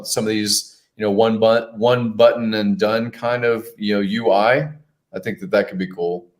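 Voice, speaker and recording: A man co-hosting a podcast, talking loosely with lots of fillers while telling stories. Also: fairly low pitch. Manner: loose, filler-heavy, storytelling. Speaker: podcast co-host. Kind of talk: casual chat.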